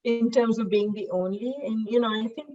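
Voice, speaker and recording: A middle-aged woman guest on a podcast, speaking in a measured way with many fillers. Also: fairly high pitch, fairly even intonation, mellow, lo-fi sound. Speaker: podcast guest, diversity expert. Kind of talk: conversational interview.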